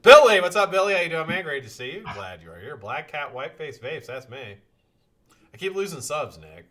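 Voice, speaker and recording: A man hosting a live stream, chatting casually and greeting viewers in the chat one by one, swinging from loud calls to low muttering and swearing freely. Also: big pitch swings, brisk.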